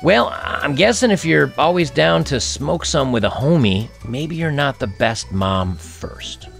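Sarcastic man with a gravelly voice. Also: fairly high pitch, animated, unhurried, a bit bright, soft background music. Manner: sarcastic, mocking. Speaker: online commentator. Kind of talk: casual commentary vlog.

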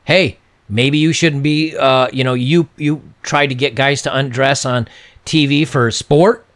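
A man's voice: medium pitch, fairly even intonation, a little slow, fairly bright tone. A man giving casual, sarcastic and mocking commentary on a video clip.

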